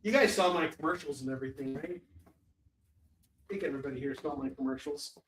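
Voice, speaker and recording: A man's voice: mid-range voice, a little fast, fairly bright tone, a little hiss or hum. A man hosting a live shopping stream, chatting loosely, laughing and swearing freely. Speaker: live shopping show host. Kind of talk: casual livestream chat.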